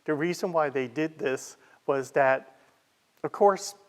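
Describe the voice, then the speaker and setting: A man with a slightly raised voice leads an informal history talk. He is conversational and easygoing, pausing on fillers and adding remarks as he moves through his material. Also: fairly high pitch. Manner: chatty, with frequent "uh" fillers and asides. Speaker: library history presenter.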